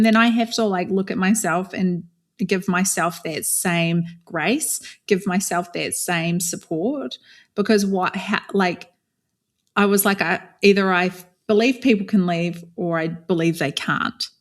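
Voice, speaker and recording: A young adult woman from New Zealand, a podcast guest telling her story in a candid, conversational way with many fillers and restarts. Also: medium pitch.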